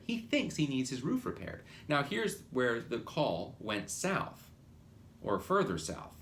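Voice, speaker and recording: A man hosting a podcast, talking through a business lesson in a rambling, animated way that often breaks off mid-phrase and restarts. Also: mid-range voice, a little slow, slight background noise. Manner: animated, rambling, self-interrupting. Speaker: podcast host, marketing consultant. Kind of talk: casual monologue with acted quotes.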